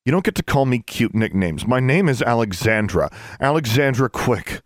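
A man's voice: mid-range voice, very animated, moderate pace, dry recording, clean studio sound, pitched above the performer's own voice, lightly acted. A man voicing an angry, defiant teenage witch girl in a fantasy audiobook, speaking sharply and indignantly. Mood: cold, distrustful. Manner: sharp, indignant, raising her voice.

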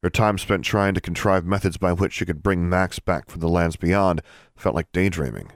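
A man reading an audiobook in steady, measured narration. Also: low voice, no echo, clean studio sound. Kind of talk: scripted narration.

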